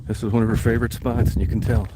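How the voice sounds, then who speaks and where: A man's voice: fairly low pitch, level tone, rapid-fire. A man vlogging casually while he drives his van, rambling and chatting to his dog and his viewers. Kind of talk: casual vlog while driving. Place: inside a van on a road trip. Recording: car noise under the voice. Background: car and road noise.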